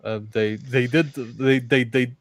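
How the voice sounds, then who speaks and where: A man hosting a casual football podcast, talking in an animated way and often restarting his sentences. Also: medium pitch, slow, dry recording. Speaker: podcast host.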